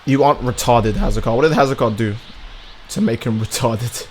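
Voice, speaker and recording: A man live-streaming a game, chatting casually with his viewers and reacting loudly to the gameplay in a crude, animated way. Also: medium pitch, brisk, soft background music. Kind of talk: casual live-stream commentary while gaming.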